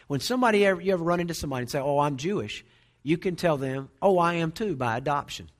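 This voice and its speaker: A man's voice: a little high, lively intonation, fast talker. A middle-aged man preaching a sermon, conversational, with storytelling asides. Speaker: pastor.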